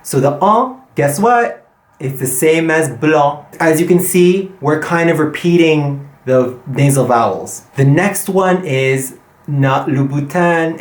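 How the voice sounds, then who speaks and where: Man, language teacher, mid pitch, slow repeated drills, roomy echo. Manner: slow, drawn-out repetition of example words. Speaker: French pronunciation teacher. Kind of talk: online language lesson.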